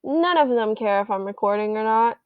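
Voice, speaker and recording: Young woman, hoarse, rambling chatty update, high voice, dry, thin phone-quality audio. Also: animated, brisk, no room sound. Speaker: vlogger. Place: bedroom at home. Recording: tinny, phone-like, dry sound.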